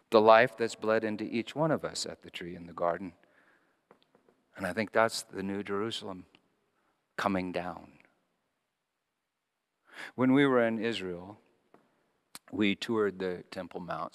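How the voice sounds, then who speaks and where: A male pastor preaching a sermon, telling stories and moving between hushed, quiet passages and lively, raised ones. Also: fairly low pitch, a little slow, long pauses, long reverb tail. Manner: storytelling, shifting between hushed and animated.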